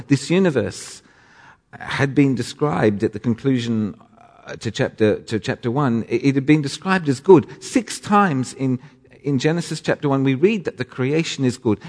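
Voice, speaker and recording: A man's voice: mid-range voice, darkish tone. A man preaching a sermon with dramatic emphasis, now and then correcting himself mid-phrase. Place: church. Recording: long reverb of a church.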